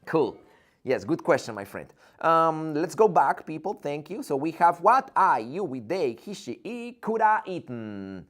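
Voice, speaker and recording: A man's voice: a little high, very animated, measured pace, a bit bright. A man teaching an online English class, playful and theatrical, joking and acting out his students' questions. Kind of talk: live online English lesson. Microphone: video call.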